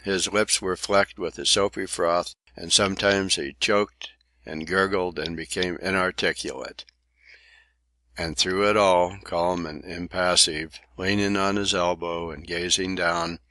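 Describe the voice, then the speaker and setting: A man narrating a classic adventure novel as an audiobook, in measured, literary storytelling. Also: low voice, fairly even intonation, bright, forceful tone, no echo. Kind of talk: scripted narration.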